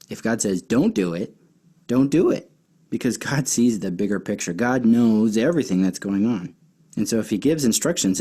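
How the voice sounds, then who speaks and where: A man's voice: medium pitch, warm tone, husky. Chatty man telling a lesson story. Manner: chatty, with many fillers and restarts. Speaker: children's Bible teacher.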